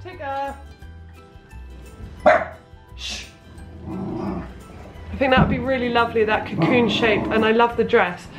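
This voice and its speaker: A woman's voice: fairly high pitch, normal speed, pauses often, loud music behind the voice. A young woman, a sewing vlogger, chatting casually at her parents' house with plenty of ums and restarts. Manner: chatty, rambling, lots of fillers. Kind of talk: casual chat.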